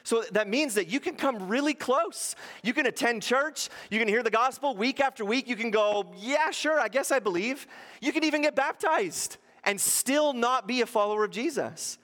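A man's voice: very high-pitched, expressive, moderate pace, few pauses, a bit bright. A man preaching a sermon as pastor, posing rhetorical questions and acting out quotes in shifting voices. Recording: long hall reverb.

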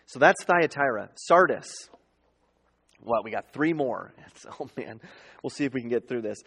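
Casual preacher in a reverberant hall. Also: male voice, mid-range voice, expressive, unhurried, fairly bright tone, husky. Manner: conversational, frequent "um" and "right?" tags. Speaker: pastor. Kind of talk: sermon teaching.

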